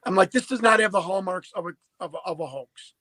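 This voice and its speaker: A man's voice: high-pitched, fast talker, bright, forceful tone, no echo, rough recording. A man in his fifties telling a story as a podcast guest, emphatic and prone to repeating and restarting words. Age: 50s. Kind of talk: animated storytelling.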